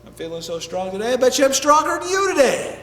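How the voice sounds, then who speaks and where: A man doing a sly soft-spoken rabbit. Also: very high-pitched, very animated, quick pace, heavily acted. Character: sly little male rabbit trickster. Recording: echoey hall, mic at a distance.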